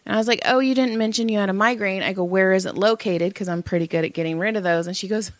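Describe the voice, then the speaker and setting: A woman co-hosting a podcast, telling a story in casual chat, animated and swearing freely as she acts out what people said. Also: medium pitch, fast, hardly any pauses, no echo, studio quality. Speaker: podcast co-host.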